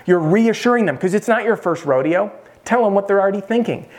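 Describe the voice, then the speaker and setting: Talkative man coaching in a higher voice. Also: animated, brisk, a little mellow. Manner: direct and conversational, addressing the viewer as "you". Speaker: roofing sales coach. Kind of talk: casual instructional talk to camera.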